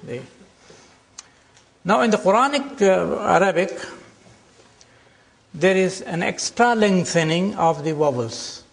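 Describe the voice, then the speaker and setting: Older guy teaching a class, high-ish gravelly voice, stretches out words slow. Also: expressive. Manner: slow, deliberate explaining with drawn-out example words. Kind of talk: classroom lecture.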